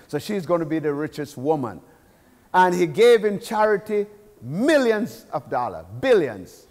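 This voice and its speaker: A man preaching a sermon with urgency, swinging between soft asides and loud declaiming, in a church sanctuary. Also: fairly high pitch, long reverb tail.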